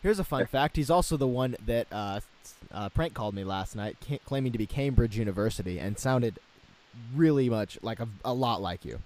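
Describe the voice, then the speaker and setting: A man's voice: medium pitch, expressive, a little fast, a little mellow. A young man hosting a casual talk show, rambling and joking with lots of fillers and restarts. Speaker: show host. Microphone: new home microphone.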